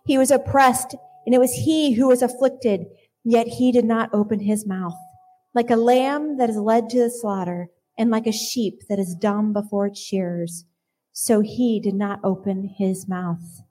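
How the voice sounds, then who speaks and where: A woman's voice: a little high, steady tone, unhurried, mellow, faint music behind. A woman speaking in church, reading scripture aloud in an earnest, reverent way.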